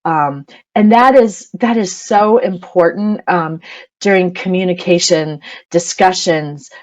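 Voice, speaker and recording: A woman's voice: fairly low pitch, slow, a little mellow. A middle-aged woman presenting an educational webinar as a parent coach, chatty and laughing often between her points. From United States. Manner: chatty, frequent ums and laughs.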